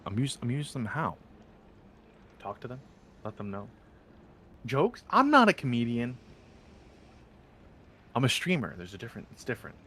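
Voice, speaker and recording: A man's voice: medium pitch, very animated, moderate pace, long pauses, bright, forceful tone, a little hiss or hum. A man streaming a game, chatting casually and joking with viewers in a rambling way. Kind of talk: casual live-stream chat.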